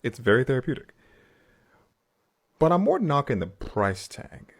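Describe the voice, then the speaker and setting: Brief: male reaction creator, wildly lively intonation, emphatic casual talk. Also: mid-range voice, unhurried, pauses often. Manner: emphatic, repeating "okay?" to viewers.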